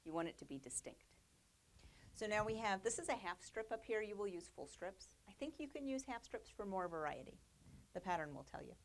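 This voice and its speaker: A woman's voice: medium pitch, expressive, fairly quick, a little hiss or hum. A woman giving a chatty, upbeat studio demonstration as a quilting instructor. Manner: chatty, upbeat, with fillers and little laughs. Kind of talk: casual demonstration lesson.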